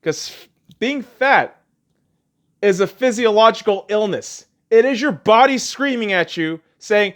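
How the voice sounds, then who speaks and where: Brief: crude, heated podcast host, lively, swooping delivery. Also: male voice, high voice, a little slow. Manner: crude, heated, heavy swearing. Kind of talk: profane podcast rant.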